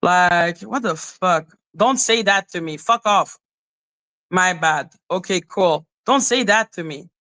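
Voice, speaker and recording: A woman's voice: lowish voice, slow pace, a bit bright, dry recording. A woman ranting on a livestream, heated and profane, who often repeats herself. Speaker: live streamer. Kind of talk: angry livestream rant.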